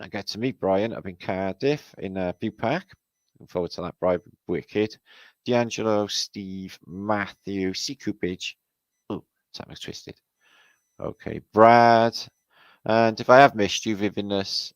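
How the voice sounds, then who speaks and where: A man hosting a livestream, chatting casually and giving rambling shout-outs to viewers. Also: on the low side, a little slow, dry recording. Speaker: livestream host.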